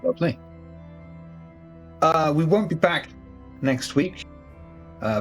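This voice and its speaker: A woman's voice: sits low, lively intonation, slow pace, long pauses, faint music behind. A woman hosting and running a tabletop game, introducing players in a teasing way. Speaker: game master and host.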